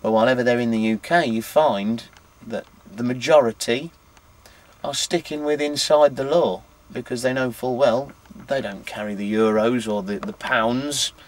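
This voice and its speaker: Chatty English truck driver. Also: male voice, mid-range voice, moderate pace. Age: 20s. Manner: chatty, anecdotal, many "you know" fillers. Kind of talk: casual interview chat. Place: outdoors at a harbour.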